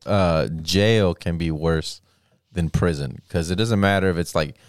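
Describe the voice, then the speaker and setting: A man on a podcast in casual chat, telling stories in an unhurried way. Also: deep voice, clear, resonant tone, no room sound, studio quality. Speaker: podcast co-host.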